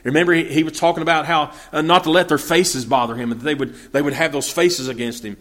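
A man leads a verse-by-verse Bible study in a fairly high, bright and forward voice. He reads a passage and then walks through it in plain, homespun talk. He often stops to restart his sentences and uses many fillers. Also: fairly even intonation, fast talker. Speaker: Bible teacher.

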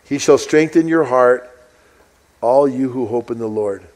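Man preaching, slow emphatic scripture reading. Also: mid-range voice, a little mellow. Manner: conversational preaching, reads scripture slowly and emphatically. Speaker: pastor. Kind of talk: sermon reading and explaining a psalm.

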